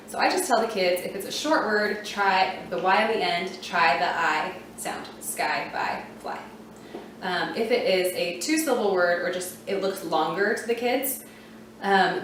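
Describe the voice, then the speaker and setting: A woman explaining reading rules in a relaxed, chatty way, often saying um and spelling out letters one by one. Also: lowish voice, a little hiss or hum. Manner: chatty, uses fillers like um and you know, spells out letters slowly. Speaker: reading teacher. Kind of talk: casual teaching explanation. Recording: very echoey room, voice from a distance.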